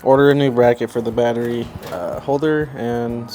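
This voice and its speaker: A man's voice: mid-range voice, fairly even intonation, normal speed, dark tone, soft background music. Rambling, profane young guy vlogging cars. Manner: loose, rambling and profane, with lots of "you know". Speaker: car vlogger. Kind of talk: casual garage vlog.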